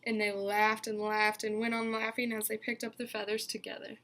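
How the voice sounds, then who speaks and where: A woman's voice: a little high, level tone, moderate pace, fairly bright tone, slight background noise. A woman teacher reading a picture book aloud to her class, telling it expressively and stopping to ask the children questions.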